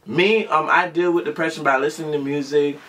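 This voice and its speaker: A man's voice: a little high, fairly even intonation, fairly quick, a bit bright. A man co-hosting a casual chat, rambling and circling back with many fillers. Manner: rambling, lots of fillers and restarts. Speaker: co-host.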